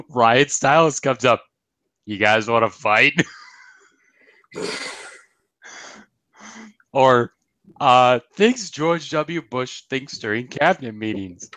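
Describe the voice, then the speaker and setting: Slow, laughing young man reviewer. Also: mid-range voice, lively intonation, fairly bright tone, no room sound, low-quality recording. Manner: laughs often, quotes comedy lines. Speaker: podcast co-host reviewing a cartoon episode. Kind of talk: casual chat.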